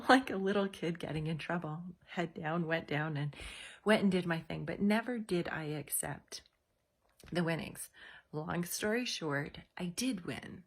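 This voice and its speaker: Husky woman telling a personal story. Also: sits low. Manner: casual, confiding, with fillers. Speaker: host.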